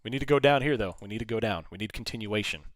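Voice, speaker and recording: A man's voice: on the low side, racing, no room sound. A man hosting a live trading stream, commenting on the chart and answering viewers' questions. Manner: talks to the chart, urging it on. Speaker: livestream trading host. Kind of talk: live commentary and chat replies.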